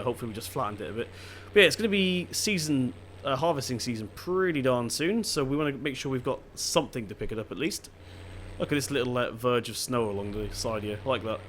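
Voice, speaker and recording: A man's voice: mid-range voice, a bit bright, slight background noise. A young man giving casual let's-play commentary as a gaming video host, chatty and rambling, often stopping to correct himself.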